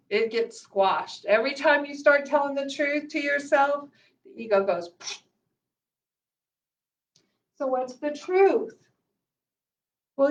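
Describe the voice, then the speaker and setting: A woman with a high voice gives a casual mindfulness lesson as a meditation teacher. She talks earnestly, repeats her points for emphasis and often softens to a hush. She sits a little back from the microphone. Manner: earnest, repeats key phrases for emphasis, often drops to a soft low voice. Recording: voice a little far from the mic.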